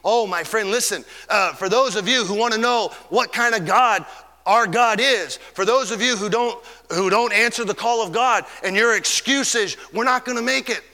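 A man preaching a fervent sermon, stretching key words and swinging between loud and soft. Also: high voice, normal speed, big-room sound.

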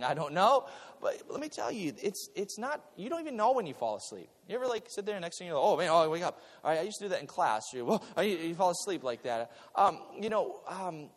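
Animated preacher in an echoing hall. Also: male voice, sits high. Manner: animated preaching with repeated words and joking asides. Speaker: pastor. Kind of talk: sermon. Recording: long reverb of a large hall.

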